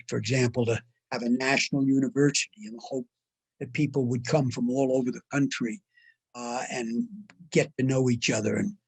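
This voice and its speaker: An older man giving a measured, deliberate history lecture, with frequent "uh" fillers. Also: mid-range voice, vocal fry, darkish tone, no room sound, rough recording. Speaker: guest lecturer. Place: online talk.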